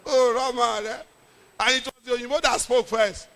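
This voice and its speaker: A middle-aged Nigerian man, a pastor, telling a lively story in a sermon with jokes and pidgin. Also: very high voice, normal speed, gravelly, big-room sound.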